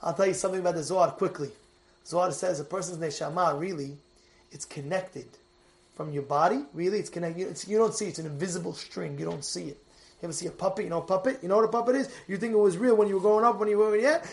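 A male rabbi preaches a sermon with a very high-pitched voice. He is animated and repeats himself for emphasis, and now and then his voice swells into a shout. The delivery feels like an informal talk to a congregation. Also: fast talker, gravelly. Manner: animated, repetitive, bursts into shouting.

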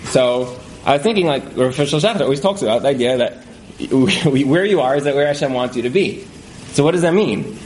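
A man's voice: a little high, expressive, fairly quick. A man telling stories to a live audience in a casual, chuckling way, filling his talk with fillers. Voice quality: frequent fillers and chuckles, conversational. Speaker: speaker at a community event. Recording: echoey room, faint background noise.

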